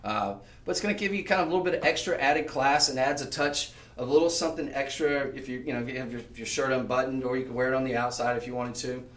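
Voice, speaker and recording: A man hosting a live shopping show, chatting on and piling up descriptive words as he pitches. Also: quick pace, a bit bright, far from the mic. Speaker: shopping channel host. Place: shopping channel studio. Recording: roomy sound, voice off-mic.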